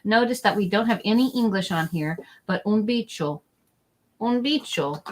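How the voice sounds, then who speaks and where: Woman teacher, friendly online class for families; chatty, repeats words slowly. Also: medium pitch, animated, poor audio. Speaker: Spanish teacher. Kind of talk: live online lesson for families. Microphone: document camera setup, desk mic.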